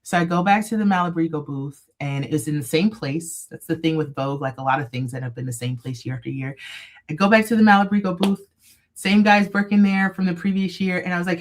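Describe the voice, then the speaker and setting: A woman guest telling a story in a casual live interview, animated and full of "like". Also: on the low side, fast. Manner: animated, gushing, heavy "like" filler. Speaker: guest crochet designer.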